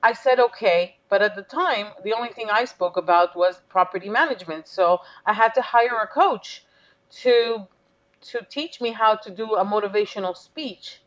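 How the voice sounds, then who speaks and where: A woman's voice: medium pitch, normal speed, lo-fi sound. A woman business coach, a guest in an interview, telling a personal story with feeling and acting out the dialogue she quotes.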